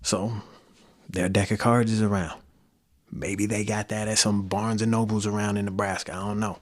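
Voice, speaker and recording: Midwestern male podcast host, very low voice, relaxed slangy monologue. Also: moderate pace. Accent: Midwestern American. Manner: loose, conversational, with slang and fillers. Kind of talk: casual solo podcast monologue.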